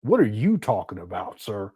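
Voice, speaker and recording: A man's voice: on the low side, wildly swooping pitch, normal speed, warm tone, slightly rough. A man in his late forties hosting a casual reaction commentary, mocking and laughing as he talks. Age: 40s. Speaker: commentary host.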